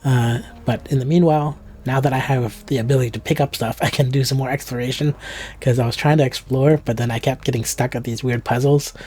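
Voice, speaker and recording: A man's voice: mid-range voice, steady tone, fairly quick, mellow, breathy edge. A man giving casual, joking commentary while playing a video game, easily surprised. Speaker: gaming streamer. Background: game music and sound.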